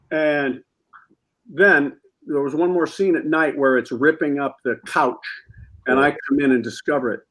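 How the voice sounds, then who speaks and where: Male guest, slightly high voice, lively anecdote teller who acts out scenes. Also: normal speed. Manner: animated storyteller acting out scenes. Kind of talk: anecdote on a comedy talk show.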